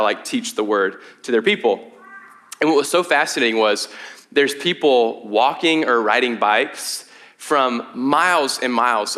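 Bright-voiced man preaching conversationally. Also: medium pitch. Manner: conversational, stumbling restarts and fillers; hushed prayer, rising to animated storytelling. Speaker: pastor. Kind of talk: sermon.

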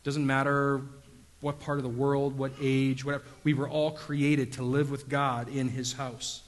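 A man's voice: medium pitch, flat delivery, measured pace. A man preaching a sermon, telling stories casually with lots of fillers and self-deprecating humor. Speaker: pastor. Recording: long hall reverb.

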